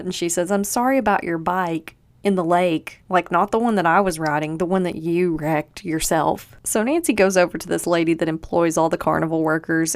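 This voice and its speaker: A woman's voice: on the low side, dry recording. A woman podcast host chatting casually through a TV episode recap, acting out the characters' lines as she goes. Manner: chatty, acts out quotes from the show.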